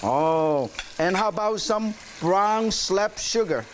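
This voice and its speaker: A man's voice: high voice, lively intonation, takes it slowly, a little hiss or hum. A man hosting a cooking show, demonstrating a dish in a studio kitchen with playful energy, coaxing his audience along.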